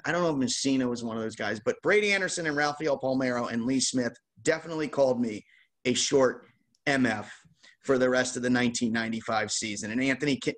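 Animated man telling a story. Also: medium pitch. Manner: animated, laughing anecdote teller. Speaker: host opening baseball card packs. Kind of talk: casual storytelling.

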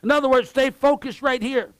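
A man preaching a sermon as pastor, emphatic and swinging between shouts and low asides, repeating key phrases and exclaiming praise. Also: fairly even intonation, a little fast, smooth, no room sound. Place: church sanctuary.

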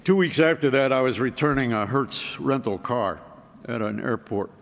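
A man's voice: medium pitch, normal speed. Man telling stories in a reverberant hall. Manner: folksy, self-deprecating with frequent restarts. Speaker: speaker. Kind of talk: storytelling talk.

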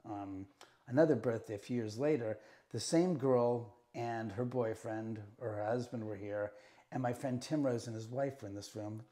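A man's voice: medium pitch, normal speed. A middle-aged man showing visitors around a room of his house, casually retelling ghost encounters and acting out the quotes. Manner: animated retelling with acted-out quotes. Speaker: house owner giving a tour. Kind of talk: casual storytelling.

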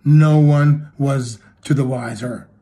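A man preaching a sermon, retelling a story with acted quotes and swinging between loud and hushed delivery. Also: medium pitch, fairly even intonation, slow.

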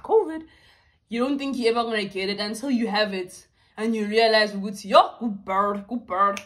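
A young woman chats in a bubbly, talkative way. Her voice sits a little high for a woman. She talks casually while eating, like a friend catching up. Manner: bubbly and chatty, with drawn-out words. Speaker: YouTuber. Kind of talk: casual mukbang chat.

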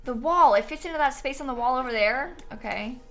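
A woman's voice: sits high, expressive, brisk, soft background music. A young woman streaming a video game live, chatting casually and reading quest text aloud. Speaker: gaming streamer.

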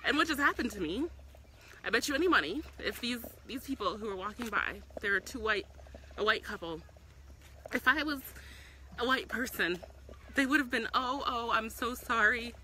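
Woman, fairly high voice, bright and sharp, passionate live-stream talk, outdoors, faint background noise. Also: expressive, moderate pace, pauses often, poor audio. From South Africa. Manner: earnest and passionate, with many ums and self-restarts. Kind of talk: casual live-stream commentary. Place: outdoors in a public spot.

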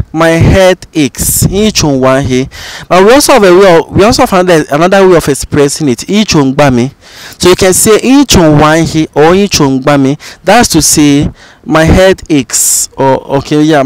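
Ghanaian man teaching phrases, repeating slowly. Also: a little high, no echo. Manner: repeats each phrase slowly several times. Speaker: language teacher. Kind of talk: spoken language lesson.

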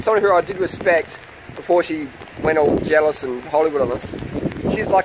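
A man's voice: fairly high pitch, fairly quick, background noise. A man, ranting defensively to camera in a vlog, swearing and repeating himself in a heated way. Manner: profane, heated, repeating questions. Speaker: vlogger.

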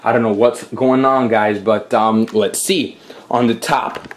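A man's voice: on the low side, steady tone, a little slow. A man hosting a casual game walkthrough, chatting to viewers and apologizing for slips along the way. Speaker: gameplay host.

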